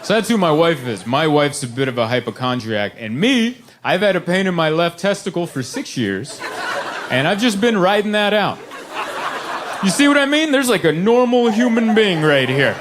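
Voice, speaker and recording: A young adult man doing a stand-up comedy set, telling stories and acting out quoted people in a high, squealy voice. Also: moderate pace. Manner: animated storytelling, acts out high squealy quotes. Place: comedy club stage with audience. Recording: live club recording with audience laughter and background noise.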